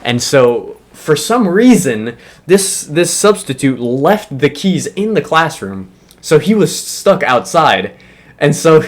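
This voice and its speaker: A young man casually telling a funny school story, swearing often and laughing as he goes. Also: a little high. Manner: animated, profane, laughs while telling.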